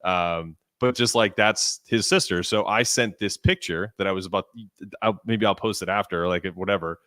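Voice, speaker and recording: A man co-hosting a podcast, telling an animated story with lots of restarts. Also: low-pitched, moderate pace, no room sound, studio quality. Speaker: podcast co-host. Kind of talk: casual chat.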